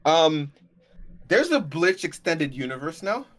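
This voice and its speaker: A man chatting casually as a podcast co-host, relaxed and hesitant with many fillers. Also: fairly high pitch, unhurried. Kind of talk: casual chat about anime.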